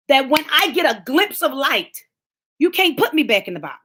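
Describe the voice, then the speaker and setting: Middle-aged woman, fervent motivational preacher, high bright voice, casual phrasing. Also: big pitch swings, moderate pace. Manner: fervent preaching, talks straight to listeners by name; colloquial, rising to shouts. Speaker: speaker of a lunchtime empowerment talk. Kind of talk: sermon-style motivational talk.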